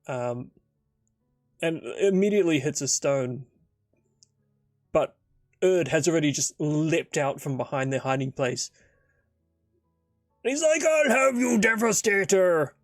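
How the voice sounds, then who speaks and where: A man's voice: on the high side, a little mellow, dry recording, studio quality. A man narrating and improvising a solo tabletop game, rambling and thinking aloud with many fillers.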